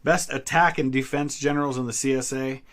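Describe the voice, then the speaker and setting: A man's voice: mid-range voice, steady tone, brisk, fairly bright tone. A man in his thirties from the US Midwest, hosting a casual live-stream trivia chat and answering viewers' questions with small hesitations. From Ohio, US Midwest. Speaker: history channel host.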